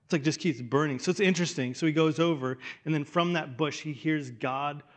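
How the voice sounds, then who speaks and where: Conversational preacher with a fairly high voice. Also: male voice, fairly quick. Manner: conversational, with restarts and sudden drops to a hush. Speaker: pastor. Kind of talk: sermon.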